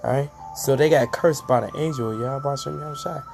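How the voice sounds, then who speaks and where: A man's voice: mid-range voice, vocal fry, over music. A man teaching from scripture in a casual, slangy way, breaking off often to ask if his listeners follow. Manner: slangy, drawn-out emphatic delivery, frequent asides. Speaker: street preacher.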